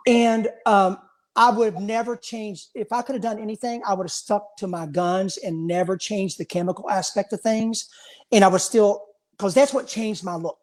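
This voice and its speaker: A man's voice: high voice, normal speed. A man in his fifties, a guest on a video-call interview, tells long stories in an earnest, casual way. He often repeats a word or two as he gets going, and he speaks frankly and directly. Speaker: interview guest, former pro bodybuilder.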